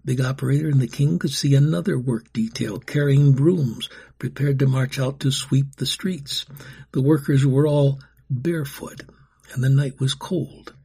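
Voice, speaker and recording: A man narrates a storybook with a gravelly, very husky voice of middling pitch. He reads dramatically and often drops to a breathy whisper. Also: moderate pace, warm tone. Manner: dramatic reading, dropping to a whisper.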